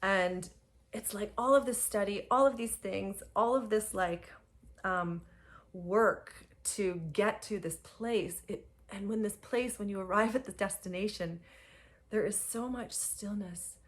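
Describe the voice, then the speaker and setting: A young adult woman telling a personal spiritual story, emphatic and full of fillers and soft laughs. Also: medium pitch, measured pace. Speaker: spiritual guide.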